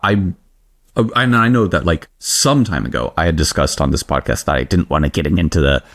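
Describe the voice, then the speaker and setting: A man's voice: extremely low pitch, a little fast. A man co-hosting a podcast in casual chat, rambling animatedly and joking at his own expense. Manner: animated, rambling, self-deprecating. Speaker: podcast co-host.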